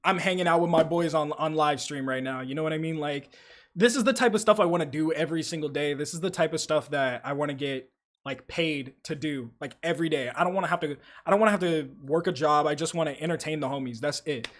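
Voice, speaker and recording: A man's voice: on the high side, fast talker. A young man hosting a live stream, chatting casually, swearing freely and telling stories with animation while reading out chat. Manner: profane, animated storytelling, reads chat aloud. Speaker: livestream host.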